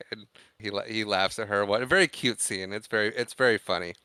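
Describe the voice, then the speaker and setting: Male podcast co-host, lowish bright clean voice, dry close mic, rambling recap with acted-out quotes. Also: normal speed, clean tone, dry recording. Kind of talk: casual movie discussion.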